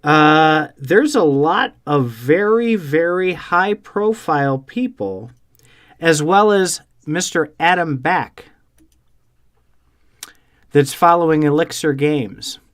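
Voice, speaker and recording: A man co-hosting a podcast talks in a lively, storytelling way, swearing as he goes. His voice sits a bit high for a man. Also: slow pace. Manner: animated storyteller, swears freely. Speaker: podcast co-host. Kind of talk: casual chat.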